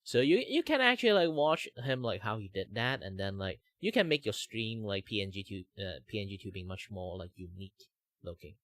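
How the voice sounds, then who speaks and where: A man's voice: on the low side, big pitch swings, fairly quick, a bit bright, no room sound. A man from Malaysia, chatting casually on his stream in a rambling way, with lots of fillers. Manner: rambling, with many fillers and laughs. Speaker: streamer host.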